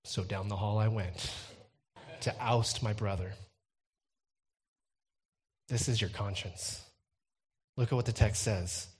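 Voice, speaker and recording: A young man preaching a sermon, telling a personal story with a light touch and building to loud, intense emphasis. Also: on the low side, steady tone, takes it slowly, pauses often, slightly rough.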